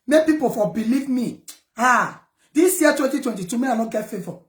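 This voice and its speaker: A woman's voice: on the high side, animated, fairly quick, echoey room. A Nigerian woman speaking Pidgin English, ranting defiantly at her viewers and scolding her critics. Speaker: vlogger. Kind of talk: heated personal rant to viewers.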